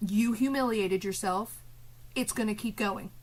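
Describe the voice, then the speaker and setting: A woman's voice: medium pitch, a little slow, rough recording. A woman streamer ranting live at her chat, swearing and confrontational, with biting sarcasm.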